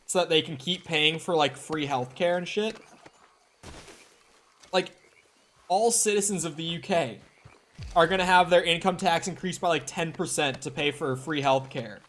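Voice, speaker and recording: A young American streamer rambling casually over gameplay. He swears freely and leans on "like" constantly. His voice sits slightly high for a man. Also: normal speed, long pauses, a bit bright, a little hiss or hum. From United States. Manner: rambling, profane, many fillers like "like". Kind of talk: casual gaming stream chat.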